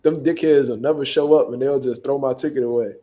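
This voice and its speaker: Profane, animated young man from Philly. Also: medium pitch, fairly quick. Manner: profane, animated street storytelling with acted-out quotes. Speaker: show host. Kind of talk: casual storytelling.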